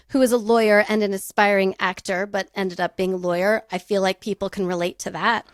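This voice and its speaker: A woman's voice: medium pitch, fairly even intonation, brisk, hardly any pauses, smooth, no room sound, studio quality. A woman co-hosting a podcast in casual chat, giggly and self-deprecating as she tells a story.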